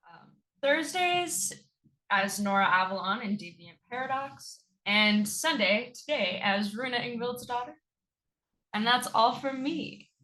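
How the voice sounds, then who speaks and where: Woman listing her game characters, bright voice, teasing and slow. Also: fairly high pitch, animated, rough recording. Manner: teasing, giggly. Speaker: tabletop player. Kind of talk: casual stream introduction.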